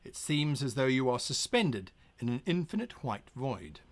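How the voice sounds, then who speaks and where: A man's voice: mid-range voice, big pitch swings. A man streaming live as game master, reading a gamebook aloud and chatting playfully with his viewers. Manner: brisk, playful, talks back to the chat.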